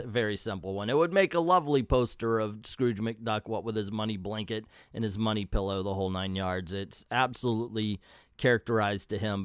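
A man's voice: medium pitch, fairly bright tone, clean tone, no room sound, studio quality. A man casually reviewing an old comic book, chatty and wry, with self-deprecating asides.

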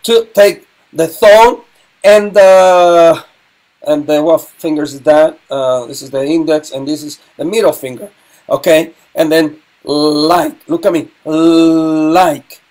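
Slow-talking man teaching a sign class. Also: a little high, a little mellow. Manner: halting, repeats words, frequent ums. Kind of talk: online sign language lesson.

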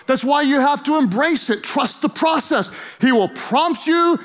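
A man's voice: extremely high pitch, lively intonation, a little slow, fairly bright tone. A middle-aged man preaching a sermon as pastor, playful and emphatic, joking with the congregation in a church. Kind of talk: humorous energetic sermon. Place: church auditorium.

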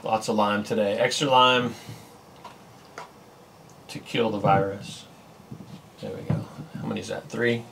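A man's voice: on the low side, steady tone, a little slow, creaky, long pauses, noisy background. A man from California casually talking through a meal for his food vlog, savoring each bite with lots of pleased sounds. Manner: chatty, savoring bites with lots of mm and oh. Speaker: food vlogger. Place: home in Japan.

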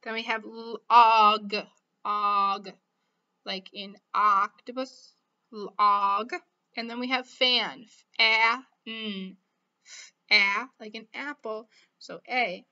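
Patient female teacher, slightly high voice, for a slow-paced children's phonics video. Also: fairly even intonation, bright, forceful tone, highs cut off. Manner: slow, patient, sounding out letters. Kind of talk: phonics lesson for young children.

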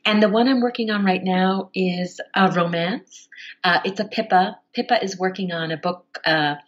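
A woman audiobook narrator chatting as a podcast guest. She tells stories with animated energy and laughs easily as she talks. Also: on the low side, normal speed, muffled recording. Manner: animated storytelling with frequent laughs. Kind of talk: casual podcast interview.

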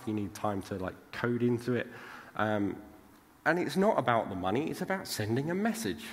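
A British man giving a casual conference talk, chatty and forever checking in with "right?". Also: mid-range voice. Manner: chatty, tags lines with "right?". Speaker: conference speaker. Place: large conference hall. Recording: long hall reverb.

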